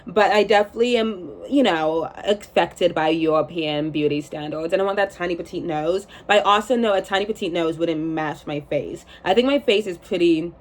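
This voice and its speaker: A woman's voice: on the low side, normal speed, hardly any pauses. Young woman, 20s, casual vlogger, chatty and self-mocking, reads from her diary. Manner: chatty, swearing, laughing at herself. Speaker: vlogger reading her journal. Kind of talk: casual chat and journal reading.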